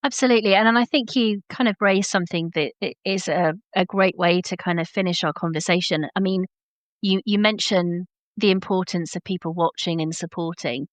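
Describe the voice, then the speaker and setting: A woman's voice: fairly low pitch, fairly quick, no room sound. A woman hosting a podcast interview, talking conversationally with fillers like um and kind of. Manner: conversational, with kind ofs and ums. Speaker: podcast host.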